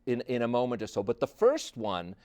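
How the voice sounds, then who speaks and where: A male host who interviews his guest and often pauses to search for his words. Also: medium pitch, big pitch swings, darkish tone. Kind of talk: talk show interview.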